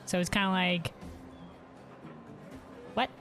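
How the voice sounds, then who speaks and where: A woman's voice: fairly low pitch, flat delivery, takes it slowly, a bit bright, faint music behind. A woman streamer giving casual gameplay commentary in a rambling, self-correcting way.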